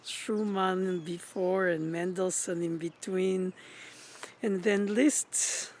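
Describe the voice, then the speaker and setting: Man, music lecture, very slow pace, thoughtful pauses, sings out rhythms and note names. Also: sits high, a little hiss or hum. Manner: thoughtful, pausing, searching for words. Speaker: piano teacher.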